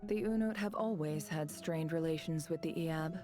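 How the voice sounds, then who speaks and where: A woman voicing a ruthless, scheming young desert woman in a video game, speaking softly and with quiet menace. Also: sits low, moderate pace, faint music behind, close to an everyday voice. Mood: cold scheming. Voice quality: cool, soft-spoken, menacing.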